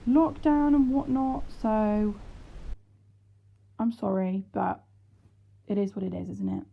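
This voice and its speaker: A woman's voice: mid-range voice, fairly even intonation, slow pace, gravelly. A woman casually narrating a horse-riding vlog in a chatty, rambling, self-deprecating way. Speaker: horse vlogger. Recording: dull lo-fi sound with faint noise.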